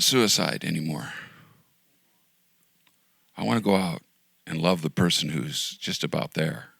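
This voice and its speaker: Earnest low gravelly-voiced male pastor. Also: measured pace, pauses often, fairly bright tone, dry recording. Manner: earnest, pleading, drops to near-whisper at times. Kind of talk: sermon.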